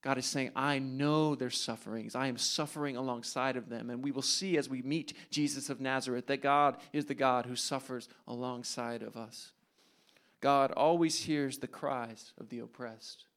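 A man preaching a sermon, retelling a scripture story dramatically and dropping to hushed asides. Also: medium pitch, fairly even intonation, normal speed.

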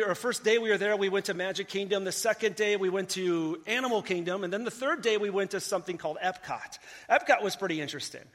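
Very high-voiced man preaching in a hall. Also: a bit bright. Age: adult. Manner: conversational storytelling, talks to the congregation. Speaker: pastor. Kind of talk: sermon.

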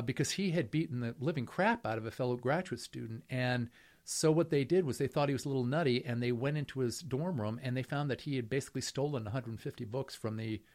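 A middle-aged man recounts his own past in a conversational interview, with a voice of medium pitch. He rambles wryly, circling back and restarting his sentences as the story unfolds. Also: a little mellow. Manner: wry, rambling anecdotes with many fillers and restarts. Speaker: professor being interviewed.

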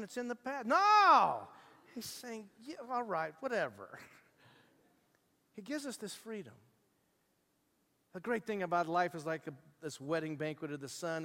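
Middle-aged male pastor, high-pitched, animated storyteller who goes from hushed to shouting, recorded in a reverberant church hall. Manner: animated storytelling, acts out quoted voices, swings from hushed to shouting. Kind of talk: sermon.

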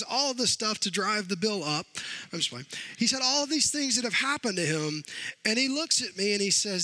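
Storytelling speaker, man, high and very bright voice, playful, dry close sound. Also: no echo. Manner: humorous, animated storyteller who acts out quotes. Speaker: speaker addressing an audience. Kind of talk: personal storytelling talk.

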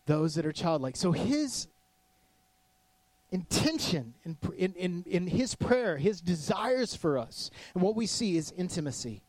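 A male pastor preaching a sermon in a casual, animated way, acting out voices in his stories. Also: sits high, unhurried, no echo. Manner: casual with many "like" fillers.

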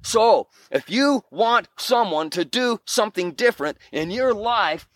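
A man's voice: sits high, expressive, measured pace, fairly bright tone, no room sound. A middle-aged man giving an earnest, emphatic motivational talk about wilderness survival and self-improvement. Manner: earnest, emphatic, preachy with repeated exclamations.

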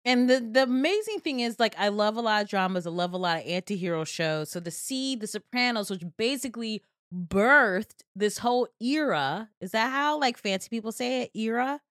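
A woman's voice: fairly high pitch, expressive, moderate pace, few pauses, fairly bright tone, dry recording, clean studio sound. A woman in her thirties hosting a podcast in casual chat, giggly and playful, joking in mock slang. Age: 30s. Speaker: podcast host. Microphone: studio mic.

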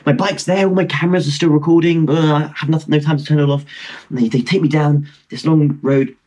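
A man's voice: on the high side, flat delivery, fast talker, darkish tone. A man in his twenties, from Britain, telling a rambling, self-mocking story over a video call. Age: 20s. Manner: rambling, self-mocking, lots of fillers and restarts. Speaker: guest.

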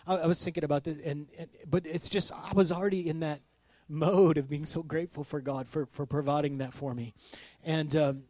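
A man preaching in a storytelling sermon, poking fun at himself and swinging into loud, excited bursts. His voice sits a little high. The sound is dry and close, with no room echo. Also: a little fast, few pauses. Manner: animated, self-mocking, gets loud and excited. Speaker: pastor.

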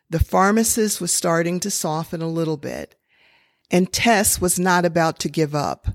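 A woman telling a true story in a slow, deliberate, expressive sermon style. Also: fairly low pitch, no echo.

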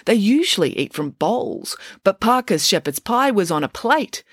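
A woman voices an unflappable, matter-of-fact young girl detective in a storybook reading, explaining something. She pitches her medium voice above her natural one, with big pitch swings and a moderate pace, in a clean studio recording with no echo.

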